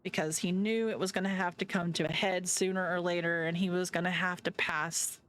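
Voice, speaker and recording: A woman's voice: fairly low pitch, steady tone, a little fast, a bit bright, a little hiss or hum. A woman streamer reading a visual novel aloud live, chatting and reacting between lines. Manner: chatty, reacting as she reads.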